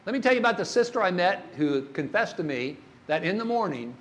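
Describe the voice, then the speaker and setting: An older man preaches a sermon in a church, with a voice a bit higher than most men's. He tells stories in turn and puts questions to the congregation. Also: sing-song, fairly quick, a bit bright, slight background noise. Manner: storytelling, asks the congregation questions.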